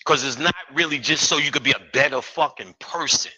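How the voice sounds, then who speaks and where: Male lecturer, profane streetwise delivery, somewhat high voice. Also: fairly quick, sharp tone, poor audio. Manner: profane, streetwise, joking asides. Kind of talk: live lecture to an audience.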